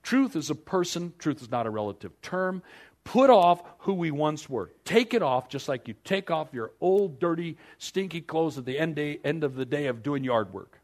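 Lively, animated male pastor preaching. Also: on the high side, normal speed. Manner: animated storytelling, acting out scripture scenes. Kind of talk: sermon.

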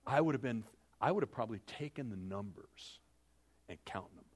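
Animated storytelling man preaching. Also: medium pitch, a little fast. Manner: animated storytelling with joking asides to the congregation; dramatic swings between loud and hushed. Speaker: pastor. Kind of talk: sermon.

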